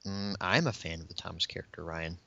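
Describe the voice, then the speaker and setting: Bright-voiced opinionated young man. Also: low voice, a little fast, vocal fry. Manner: opinionated, ranting. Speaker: podcast guest. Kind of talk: casual chat. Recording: dull, lo-fi dry sound.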